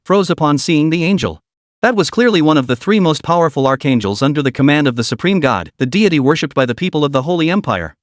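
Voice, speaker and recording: Lively dramatic male story narrator. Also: fairly high pitch, dry recording, studio quality.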